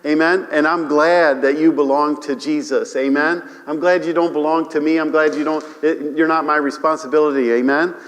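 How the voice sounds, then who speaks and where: A man preaching a sermon to his congregation, animated, often repeating himself and calling for amens. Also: medium pitch, in a large hall. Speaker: pastor. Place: church sanctuary.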